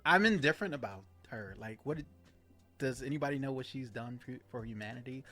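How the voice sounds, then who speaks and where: A man's voice: mid-range voice, animated, a little fast, pushed and bright, faint music behind. A man co-hosting a podcast, musing aloud and asking questions in casual chat. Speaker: podcast co-host.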